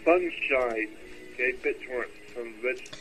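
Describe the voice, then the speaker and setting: A drunk man rambles through a call-in message, wandering off topic and forgetting what he meant to say. his voice sits at an ordinary male pitch, with faint music underneath. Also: normal speed, low-quality recording. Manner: rambling, loses his train of thought. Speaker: caller leaving a voice message.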